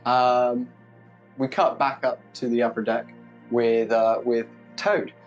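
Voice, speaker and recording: A man's voice: medium pitch, little pitch movement, takes it slowly, highs cut off, faint music behind. A man narrating as game master of a tabletop game, with loose, rambling description. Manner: rambling, many fillers and restarts.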